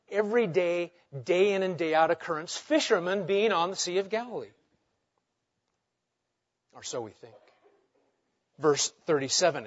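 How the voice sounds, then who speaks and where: A man preaching a sermon, asking rhetorical questions and swinging between loud and hushed delivery. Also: high voice, lo-fi sound. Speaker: pastor.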